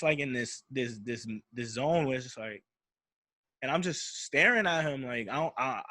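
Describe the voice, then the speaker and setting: A man's voice: on the high side, pushed and bright, no echo. A young man telling a personal story in casual, slangy talk, often repeating himself and restarting as he recounts it. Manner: slangy, repeats "I'm like" and restarts while retelling. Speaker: podcast host.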